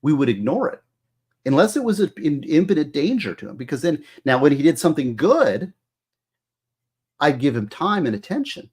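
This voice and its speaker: A man's voice: a little high, very animated, normal speed, a little mellow, breathy edge. A middle-aged man, a former prosecutor, giving earnest advice in casual talk, lecturing with many restarts. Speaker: former juvenile prosecutor, guest.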